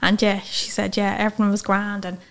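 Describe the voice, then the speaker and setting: A woman with an Irish accent, a guest telling a personal story in a lively, chatty way. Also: medium pitch, brisk. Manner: chatty, lively, acts out quoted speech. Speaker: interview guest.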